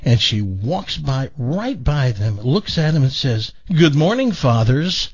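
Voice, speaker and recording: A man's voice: mid-range voice, slow, heavy background noise. A man hosting a radio talk show, telling jokes and voicing the characters in them. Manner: animated joke-telling, voicing characters in quotes. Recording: dull lo-fi radio broadcast.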